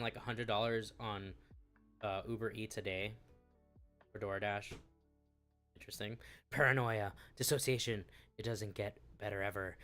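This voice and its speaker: Bright and forceful in a mid-range voice, this male commentary YouTuber mocks the messages he reads out loud. He swears without restraint, laughs often, and keeps a sarcastic edge.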